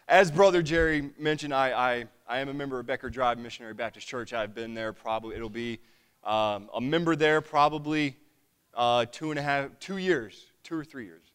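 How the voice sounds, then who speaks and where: Man in his 30s, church testimony, smooth resonant voice, stumbling earnest delivery. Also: medium pitch, steady tone, fairly bright tone. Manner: earnest, halting with frequent restarts. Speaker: lay preacher giving testimony.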